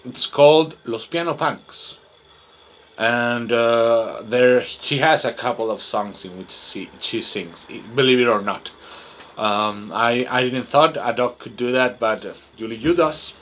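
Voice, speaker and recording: Unhurried and fairly bright, this mid-range male voice belongs to a Chilean English teacher whose first language is Spanish. He records himself in an unplanned, talkative monologue that rambles and leans heavily on fillers.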